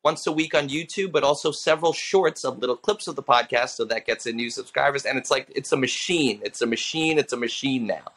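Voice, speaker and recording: Brisk, medium-pitched, and with hardly a pause, a thirty-something comedian tells stories on a casual podcast. The impressionist guest animatedly plays the people he quotes.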